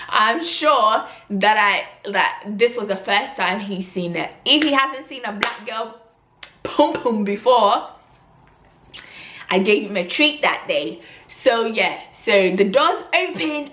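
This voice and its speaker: Animated woman telling a story. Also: on the high side, takes it slowly, reverberant. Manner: animated storytelling with loud gasping reenactments. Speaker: vlogger. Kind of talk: storytime vlog.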